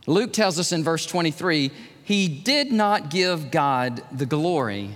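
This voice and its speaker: Animated pastor in a reverberant hall. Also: male voice, on the high side, slow. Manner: animated, swings from hushed to shouting. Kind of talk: sermon. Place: large church hall.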